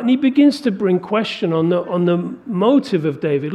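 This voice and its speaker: A man with a high voice delivering a sermon. His preaching is emphatic, rising to forceful peaks as he drives each point home. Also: animated, moderate pace, hardly any pauses.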